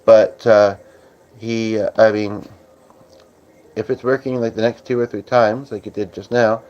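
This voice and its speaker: A man's voice: lowish voice, little pitch movement, measured pace, darkish tone. Rambling man chatting on a livestream. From Canada. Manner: rambling, many fillers, reads viewer comments aloud. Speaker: livestream host. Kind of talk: casual live-stream chat. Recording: slightly dull lo-fi audio.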